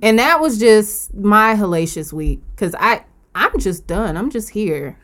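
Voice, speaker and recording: A woman co-hosts a casual podcast. Her pitch moves around a lot. She reacts in short, emphatic bursts. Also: lively intonation, measured pace, fairly bright tone. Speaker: podcast co-host.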